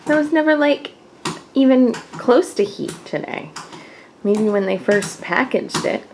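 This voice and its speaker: A woman's voice: on the high side, lively intonation, measured pace, gravelly, background noise. A young woman chatting casually through her daily vlog in her home kitchen, rambling and laughing often. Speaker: vlogger.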